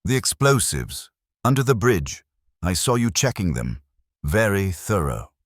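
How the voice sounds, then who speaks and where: A man's voice: sits low, very animated, a little slow, no echo, clean studio sound, voice pushed up, full character voice. A man voicing a gaunt young woman refugee who speaks in a bitter, sardonic way. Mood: wry.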